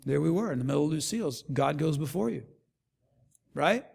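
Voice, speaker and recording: A man with a high, gravelly voice delivers a sermon and acts out each person in his stories. His voice rings through a hall with a long, lingering reverb. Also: fairly quick. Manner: animated storyteller acting out quotes. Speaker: pastor.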